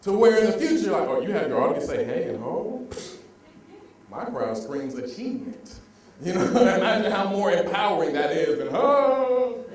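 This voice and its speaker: Energetic male speaker in an echoey hall. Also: high-pitched, moderate pace, far from the mic. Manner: lively, call-and-response with the audience. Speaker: motivational speaker. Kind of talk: motivational speech. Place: large room with an audience. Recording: very echoey hall, heard from afar.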